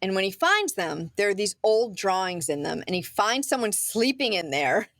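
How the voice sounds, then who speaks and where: A woman's voice: medium pitch, sing-song, normal speed, fairly bright tone, no room sound, clean studio sound. A woman podcast host in casual chat, recapping a film scene by scene, with lots of "um" and "like". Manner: chatty storyteller with frequent "um" and "like".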